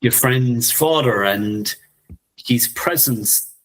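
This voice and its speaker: Husky man in his fifties. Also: medium pitch, very slow. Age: 50s. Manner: soft-spoken, musing, laughs often. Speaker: podcast co-host. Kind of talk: reflective casual conversation.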